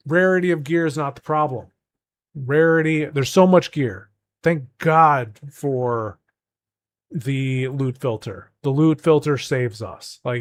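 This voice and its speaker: A young man, a gaming streamer, ranting casually and rambling with restarts and exasperated asides. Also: mid-range voice.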